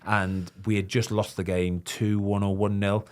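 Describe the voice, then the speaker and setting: A man, a podcast host and former goalkeeper who tells lively anecdotes and acts out the quotes. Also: on the low side, measured pace. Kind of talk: casual chat, anecdotes.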